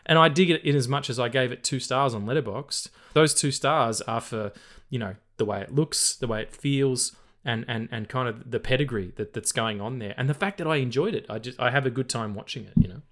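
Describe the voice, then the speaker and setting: A man's voice: medium pitch, a little fast, fairly bright tone. A man co-hosting a casual film podcast, rambling with lots of fillers, restarts and swearing. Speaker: podcast co-host.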